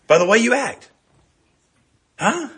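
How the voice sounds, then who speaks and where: A middle-aged pastor delivers a sermon at a slow pace in a high, bright voice with a husky grain. He speaks to the congregation in a lively, conversational way, frequently asking "right?"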